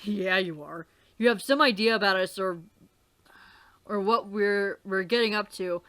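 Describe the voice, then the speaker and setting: A woman voicing a cool, deadpan teenage boy who talks low and flat. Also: unhurried, clean tone, lightly acted.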